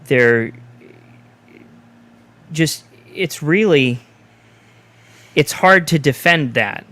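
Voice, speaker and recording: A man's voice: fairly high pitch, animated, very slow, a bit bright. A man co-hosting a podcast in casual chat, ranting bluntly and swearing freely. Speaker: podcast co-host.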